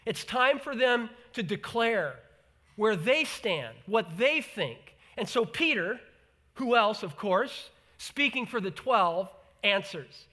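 A man preaching a sermon in an animated way, acting out the voices he quotes and repeating words for emphasis. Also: sits high, slow pace. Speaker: pastor.

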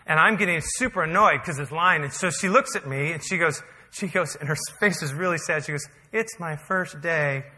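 A man's voice: a little high, fairly quick, few pauses, bright, forceful tone. A man preaching a sermon as pastor, telling a story in a conversational, humorous way that builds to emphatic peaks. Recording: hall reverb.

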